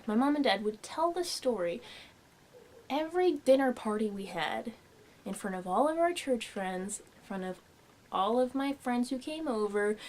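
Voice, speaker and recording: Animated young woman telling a story. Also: a little high, a little hiss or hum. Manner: animated, expressive storytelling with acted quotes. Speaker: vlogger. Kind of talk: personal storytelling vlog. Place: home room.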